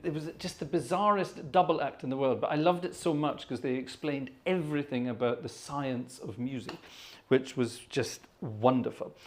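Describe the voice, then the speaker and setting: A middle-aged man hosting a live organ stream, rambling through explanations in a chatty, self-mocking way. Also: mid-range voice. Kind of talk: casual live-stream chat.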